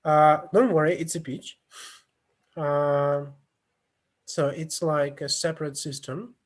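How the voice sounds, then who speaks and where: Male lecturer, slow and halting, slightly raised pitch, teaching over a video call. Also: steady tone. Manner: halting, many fillers and restarts, non-native phrasing. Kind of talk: online lecture with screen demo.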